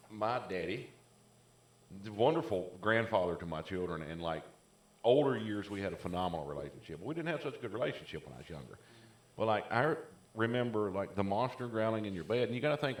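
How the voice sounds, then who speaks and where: A man's voice: fairly low pitch, expressive, brisk, roomy sound. A man co-hosting a casual chat podcast, telling long rambling stories full of "like" fillers. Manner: rambling storyteller, many "like" fillers. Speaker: podcast co-host.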